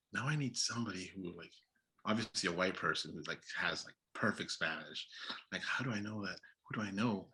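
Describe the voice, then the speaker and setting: An animated man talks casually about making films, laughing often and acting out what went through his head. His voice is bright and forceful, with a slightly husky edge. He sits a little lower in pitch than most men. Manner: animated, laughing, acts out his own past thoughts. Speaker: filmmaker guest. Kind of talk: casual interview chat. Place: Los Angeles area.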